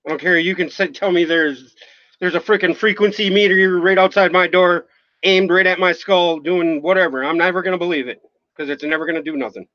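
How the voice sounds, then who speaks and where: A man's voice: sits high, steady tone, fairly quick, no echo, lo-fi sound. A man hosting a livestream, talking emotionally and apologetically, rambling and swearing often. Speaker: livestream host. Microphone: phone.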